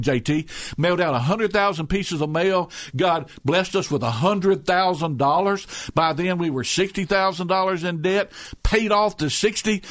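A man's voice: sits high, dry recording. A middle-aged man being interviewed as a rescue mission director, telling stories earnestly with many restarts and repeated words. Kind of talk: conversational radio interview.

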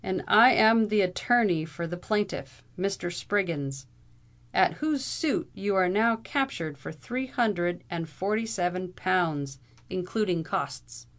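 A woman voicing a composed male lawyer who speaks calmly and deliberately. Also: mid-range voice. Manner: calm, measured.

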